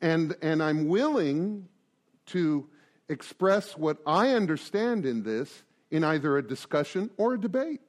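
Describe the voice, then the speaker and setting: A man around sixty giving a joking, animated talk to a recovery group, full of rhetorical asides. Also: fairly high pitch, a little slow. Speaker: recovery meeting speaker.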